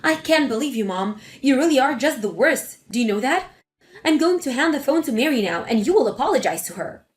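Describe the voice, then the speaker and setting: Lady reading an angry grown daughter, high voice, fed up with her mom. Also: animated, brisk, faint music behind. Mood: indignant. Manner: indignant, forceful. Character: angry adult daughter confronting her mother. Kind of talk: dramatic story reading.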